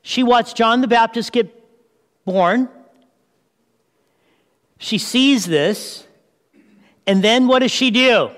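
High-voiced preacher man in a reverberant hall. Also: slow pace, long pauses. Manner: lively, asks the audience questions, acts out scenes. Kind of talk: animated sermon. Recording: long reverb of a large hall.

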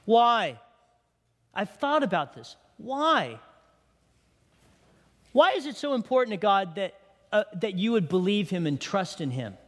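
A middle-aged male pastor preaches conversationally in a church sanctuary, often posing questions to the congregation, with long hall reverb on the recording. His voice is high-pitched and very animated, and he speaks unhurriedly with long pauses.

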